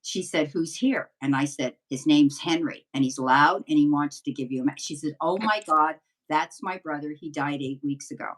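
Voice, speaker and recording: Older chatty woman, low voice, slightly distant. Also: moderate pace, few pauses. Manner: rambling, chatty anecdotes. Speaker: psychic medium guest. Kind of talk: casual storytelling interview.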